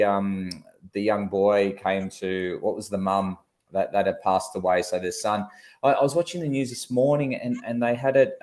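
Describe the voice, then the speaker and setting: Australian male co-host, low-ish pitch, casual chatter. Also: a little mellow. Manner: chatty, reads viewer comments aloud. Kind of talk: casual livestream chat.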